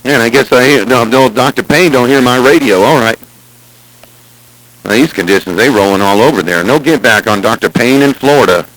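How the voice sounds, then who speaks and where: A man's voice: mid-range voice, fairly quick, fairly bright tone, slight background noise, low-quality recording. A man in casual chat over a CB radio, with folksy talk and repeated greetings. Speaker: CB radio operator. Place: Southern California, near the Salton Sea. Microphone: CB radio transmission.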